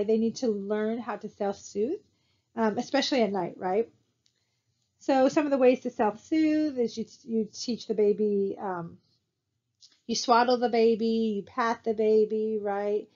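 A woman's voice: a little high, measured pace, mellow, lo-fi sound. A woman instructor giving a recorded slide lecture, talking conversationally and posing rhetorical questions to her students. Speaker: college instructor.

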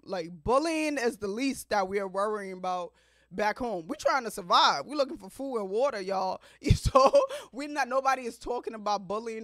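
A woman in her thirties from Africa, hosting a podcast and telling her life story to listeners in an expressive, chatty way, often laughing. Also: medium pitch, no echo, clean studio sound. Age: 30s. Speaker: podcast host. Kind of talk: personal storytelling monologue.

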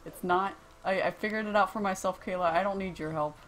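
A woman's voice: mid-range voice, steady tone, a bit bright, a little hiss or hum. A young adult woman playing a video game and joking through casual commentary. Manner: teasing, jokey, quick to laugh. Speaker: let's play streamer. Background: game music.

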